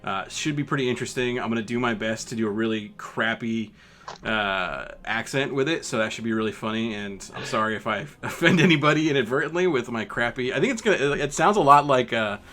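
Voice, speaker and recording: A man's voice: mid-range voice, lively intonation, a little fast, a bit bright, slight background noise. A man hosting a tabletop game stream, introducing the players in a rambling way with many fillers and restarts. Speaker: host.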